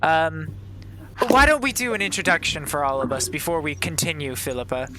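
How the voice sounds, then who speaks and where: A man's voice: a little high, a little fast, sharp tone, rough recording. A man voicing a polite, formal female head priestess in a tabletop game, with small hesitations.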